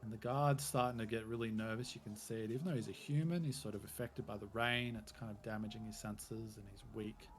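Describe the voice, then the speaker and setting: A man's voice: lowish voice, steady tone, a little fast, few pauses, slight background noise. A man narrating as game master, with loose, rambling descriptions full of hedging fillers.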